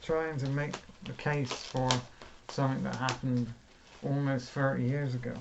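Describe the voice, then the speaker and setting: A man's voice: mid-range voice, little pitch movement, normal speed, gravelly, muffled recording, noisy background. A man casually chatting as he unboxes vinyl records, thinking aloud and poking fun at himself.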